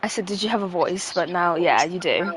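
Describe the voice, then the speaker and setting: A woman's voice: fairly low pitch, a little fast, a little hiss or hum. A woman chatting casually on a livestream, blunt and profane, rambling with fillers.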